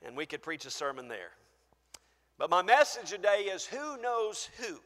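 A man pastor preaching a sermon in a church, shifting from quiet low asides to loud, shouted acted-out pleas. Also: big pitch swings, normal speed. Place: church sanctuary. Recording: church sanctuary with long reverb.

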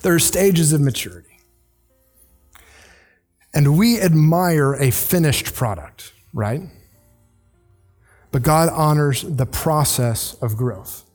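A man's voice: fairly high pitch, takes it slowly, long pauses, darkish tone, husky, faint music behind. A male pastor preaching a conversational sermon in a church, often restarting his sentences and acting out quoted voices. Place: church sanctuary.

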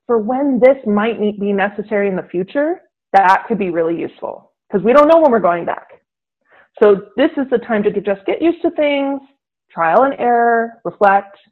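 A woman who is a teacher, answering interview questions in an animated way and acting out exchanges with her students. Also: medium pitch. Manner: animated, acts out classroom dialogue. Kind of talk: interview guest. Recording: tinny phone-like line.

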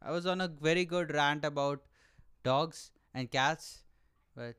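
With a highish voice that's fairly bright, clear, and resonant, a man speaks a little slowly on his own podcast. An aspiring stand-up, he delivers an exaggerated, profanity-laden comic rant, checking in repeatedly with "all right?"

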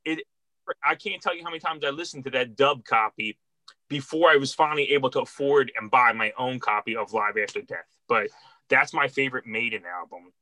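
A man's voice: mid-range voice, a little fast, bright, forceful tone, no echo. A middle-aged man from Philadelphia, a record store worker, tells stories in a rambling, heartfelt way with many restarts. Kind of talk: casual interview storytelling.

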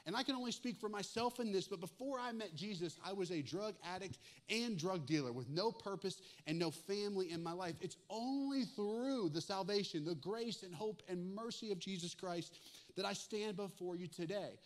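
A man preaching a sermon, animated and acting out comic asides with lively swings in energy. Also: high voice, normal speed, few pauses. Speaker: pastor.

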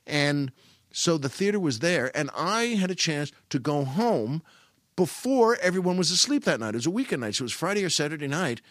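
A man's voice: fairly high pitch, sing-song, a little fast, fairly bright tone, no room sound, clean studio sound. A middle-aged man telling a funny family story in casual monologue, self-mocking and full of restarts. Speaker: podcast host.

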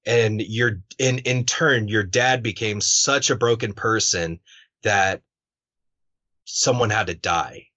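A man hosting a podcast interview in a relaxed, conversational way, swearing now and then. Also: lowish voice, slow, no echo. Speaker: podcast host. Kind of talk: casual interview chat. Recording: dull muffled podcast audio.

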